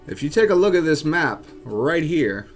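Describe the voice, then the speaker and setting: A vlogger and urban explorer tells his story directly to camera in a loose, chatty, animated way, his voice slightly raised and a little high at a moderate pace. He keeps addressing his viewers as "guys," with faint music underneath.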